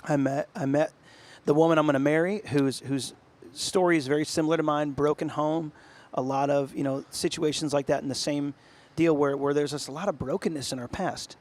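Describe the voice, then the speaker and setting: A man from upstate New York talks through his own story on a podcast. His voice sits a little high. He chats casually and slips into other people's voices when he quotes them. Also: steady tone, brisk, hardly any pauses, a little mellow. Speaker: podcast co-host. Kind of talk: casual chat, personal story.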